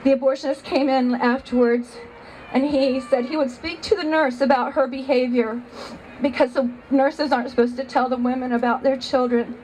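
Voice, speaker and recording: A woman's voice: sits high, fairly even intonation, normal speed, a little mellow, a little hiss or hum, low-quality recording. A woman giving a personal testimony, telling her story earnestly and with emotion.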